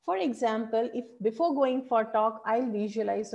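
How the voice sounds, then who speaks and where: A woman teaching public speaking in an online workshop, animated and encouraging, asking her audience questions. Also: on the high side, normal speed, vocal fry, hardly any pauses.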